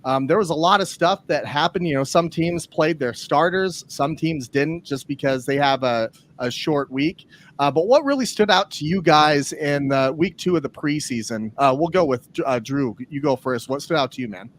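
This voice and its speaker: A man's voice: on the high side, moderate pace, slight background noise. A man hosting a football podcast in an upbeat, chatty way, steering the conversation. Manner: upbeat, chatty, guides the talk. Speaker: podcast host. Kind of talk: casual sports chat.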